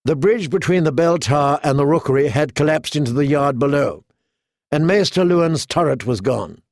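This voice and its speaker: A male audiobook narrator reading fantasy prose at a measured pace. His voice sits a little high for a man and has a gravelly, creaky grain. The recording is dry and close, with no room sound. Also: lively intonation, no room sound. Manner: measured storytelling.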